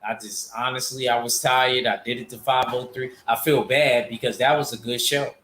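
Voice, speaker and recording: A man's voice: medium pitch, steady tone, normal speed, fairly bright tone, reverberant, a little hiss or hum. A man hosting a casual boxing livestream, rambling loosely and answering his chat. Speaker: boxing show host reading chat.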